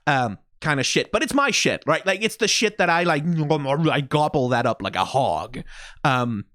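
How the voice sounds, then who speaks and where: Hosting an anime reaction, a man talks through an episode in loose, swearing-heavy commentary, circling back, restarting sentences, and laughing. His fairly high voice swings widely in pitch at a moderate pace. The recording is dry and close, with no room sound.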